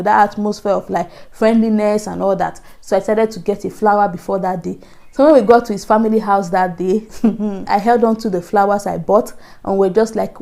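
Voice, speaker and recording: Chatty Nigerian woman with a gravelly, mellow voice. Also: medium pitch. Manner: chatty, laughing often, many "like, you know" fillers. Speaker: vlogger. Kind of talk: casual storytelling vlog.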